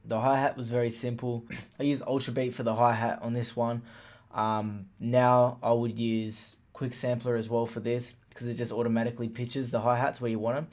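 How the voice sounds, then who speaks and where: A man casually walking through how he built a hip hop track, plain-spoken and relaxed, with fillers like "like" and "literally". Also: medium pitch, normal speed. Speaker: music producer explaining a beat. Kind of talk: casual tutorial walkthrough. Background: faint playback of his beat.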